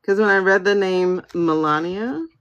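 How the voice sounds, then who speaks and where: This tarot reader's mid-range voice is clean and a bit bright, and she speaks a little slowly. Hosting a live reading through a phone, she thinks aloud in casual slang, with the stream's audio dull and lo-fi.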